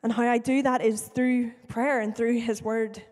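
A woman's voice: a little high, level tone, unhurried, darkish tone. A woman preaching a sermon in an earnest way, often repeating phrases for emphasis. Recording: long hall reverb.

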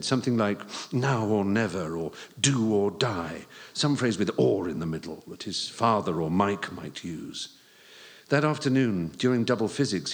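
An audiobook narrator, a man with a voice on the low side, reads a novel aloud as scripted narration.

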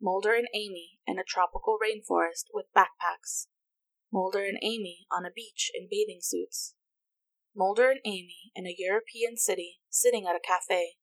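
A woman reading a story aloud as narrator, in an even, unhurried manner. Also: medium pitch, dry recording. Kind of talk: reading fan fiction aloud.

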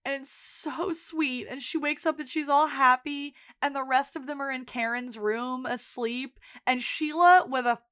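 Chatty woman recapping a show, a bit high. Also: measured pace, hardly any pauses. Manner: animated retelling with quoted voices. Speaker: podcast co-host. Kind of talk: casual chat recapping a TV episode.

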